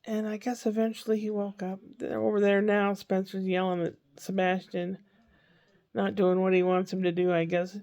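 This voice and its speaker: A woman's voice: mid-range voice, flat delivery, moderate pace, dark tone. An older woman chatting casually in a rambling diary-style vlog, often correcting herself mid-sentence. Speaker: vlogger.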